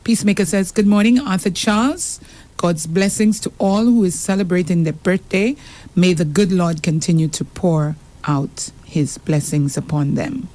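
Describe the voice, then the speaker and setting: A woman's voice: fairly low pitch, normal speed, mellow. A woman with a Saint Lucian accent co-hosting a radio show, reading out listener messages with frequent laughter. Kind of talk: casual radio chat.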